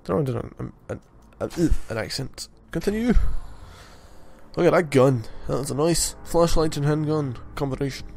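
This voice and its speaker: A man casually commenting on his video game playthrough in a relaxed, rambling way. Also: fairly high pitch, moderate pace, gravelly, hardly any pauses, soft background music. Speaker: gaming channel host. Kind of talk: casual let's-play commentary.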